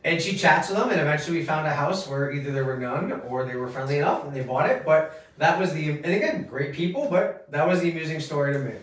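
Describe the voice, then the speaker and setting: A man's voice: fairly high pitch, fast, few pauses, a bit bright. A real estate agent man talking in an easygoing, conversational way. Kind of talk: casual chat. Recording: echoey room from far off.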